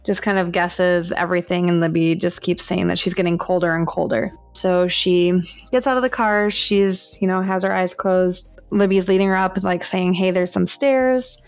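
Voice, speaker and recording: A woman co-host talks through a novel's plot in a loose, chatty way, leaning on fillers. Her voice has a gravelly fry to it, and the recording is dry and close. Faint music sits under her. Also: fairly low pitch, steady tone, moderate pace, hardly any pauses, no echo. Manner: chatty recap full of fillers. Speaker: podcast co-host. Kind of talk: casual book-club chat.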